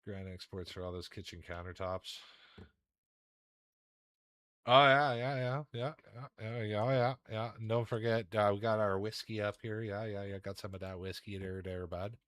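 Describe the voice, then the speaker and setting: A rambling man streaming a game, full of slang and swearing. His voice sits low, and the sound is close and dry with no room around it. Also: fairly even intonation, normal speed, few pauses, a bit bright, no room sound. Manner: rambling, profane, folksy slang. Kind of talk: casual gaming stream chat.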